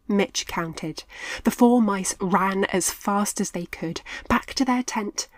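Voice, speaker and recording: A woman narrating a children's story in an expressive, clear reading voice. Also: medium pitch, no echo. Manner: lively, expressive, slow and clear.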